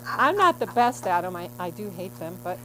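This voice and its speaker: Lively rambling woman comic. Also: lowish voice, normal speed, very noisy. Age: middle-aged. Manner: chatty, rambling storytelling with frequent restarts. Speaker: open mic comedian. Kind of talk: stand-up comedy set.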